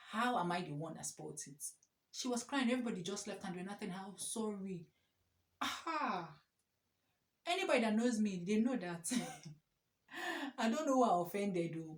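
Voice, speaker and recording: A young woman telling an animated, exclamatory storytime story. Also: lowish voice. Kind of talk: casual storytime. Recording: echoey room.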